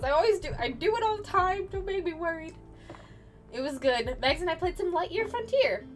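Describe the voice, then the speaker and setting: An American woman, a young adult, streaming as a digital artist and chatting casually with viewers, playful and quick to laugh, often restarting her sentences. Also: high-pitched, a bit bright. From United States.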